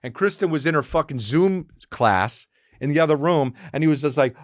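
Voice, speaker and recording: A fast talker on a dry, studio-quality recording, this man in his thirties runs a solo comedy podcast. Profane and lively, he rants away and riffs into squeaky, mocking character voices.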